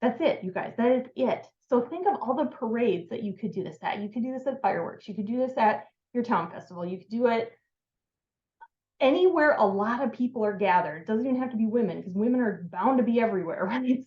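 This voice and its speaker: A woman's voice: fairly high pitch, echoey room, muffled recording. A woman giving a casual, upbeat how-to talk on sales and networking, full of filler words. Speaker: sales trainer.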